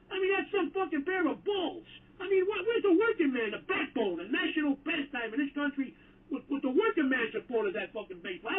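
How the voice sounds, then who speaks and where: A man playing a foul-mouthed, blustering New York sports caller ranting at full speed. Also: extremely high pitch. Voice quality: profane, blustering rant. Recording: tinny phone-like clip from far off.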